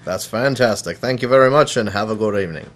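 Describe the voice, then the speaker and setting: A man playing a clumsy fake-Australian pizza caller, halting and overly polite, with many uhs. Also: lowish voice, natural voice.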